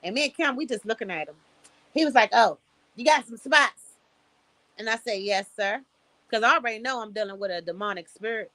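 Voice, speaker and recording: Blunt, bright-voiced woman streamer. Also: mid-range voice, fast, no room sound. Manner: blunt, profane, preachy advice with storytelling. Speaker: livestream host. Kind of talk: casual livestream talk. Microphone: streaming setup, close mic.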